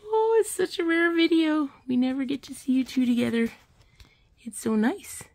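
A woman's voice: sits high, lively intonation, normal speed, a little mellow. A woman filming her cats on a phone, chatting to them affectionately in a casual pet vlog. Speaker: vlogger.

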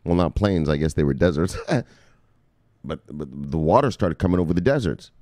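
A man with a very low voice swoops up and down as he preaches a mock sermon about crypto. His delivery is crude and joking, and the dry, close sound leaves no room echo. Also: expressive, brisk, mellow. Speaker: crypto video host.

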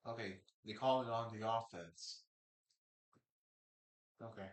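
A man's voice: fairly low pitch, slow pace, roomy sound. A man chatting casually and rambling through a live game reaction while he eats. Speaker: live sports reaction streamer.

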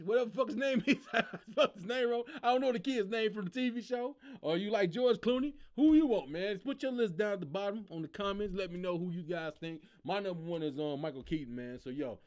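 A man's voice: high-pitched, a little mellow. A man hosting a comedy podcast, talking casually in slang and laughing often as he ranks things. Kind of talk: casual comedic ranking monologue.

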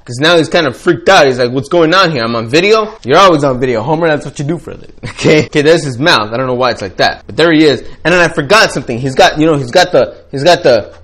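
A man's voice: on the high side, fast, a bit bright, breathy edge. A man chatting casually to camera as a vlogger, rambling and playful, checking in with the viewer again and again. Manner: rambling and playful, keeps checking in with "okay?" and "right?". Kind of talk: casual vlog chat to camera.

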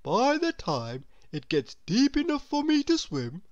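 A woman voicing a gloomy, very tall storybook man who sighs and speaks slowly. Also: high voice, huge pitch swings, dry recording, highs cut off, voice pushed up, heavily acted. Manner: sighing, slow and mopey.

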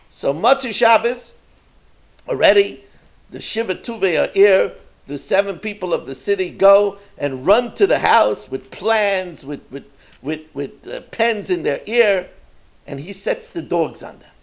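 A man, a rabbi, telling a story in a sermon, with lively storytelling and dramatic voices. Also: sits high, a little slow, gravelly.

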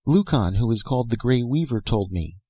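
A young otherworldly girl speaks slowly and carefully in soft tones, playful and teasing, put on by a male audiobook reader. The voice sits higher than his own deep, husky delivery. The recording is dry and close. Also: animated, dry recording. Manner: soft, slow, careful speech.

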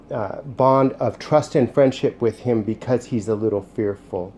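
A man who sits and trains dogs, explaining casually at home. He alternates soft, soothing praise with short, firm commands. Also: mid-range voice, unhurried, a little hiss or hum. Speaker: dog sitter and trainer. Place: indoors at home.

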